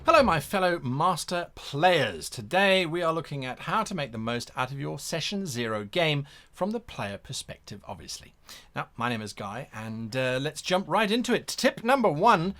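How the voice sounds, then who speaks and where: A man hosting an instructional talk in an animated way, acting out examples as he goes. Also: a little high, moderate pace. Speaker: host.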